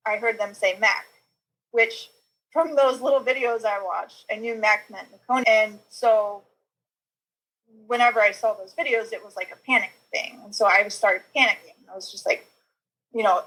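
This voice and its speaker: A woman's voice: mid-range voice, fairly even intonation, normal speed, sharp tone, low-quality recording. A young woman guest on a podcast telling her own birth story, rambling with lots of filler words and small nervous laughs. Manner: rambling, heavy use of "like" and "you know", nervous little laughs. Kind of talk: personal birth story in conversation.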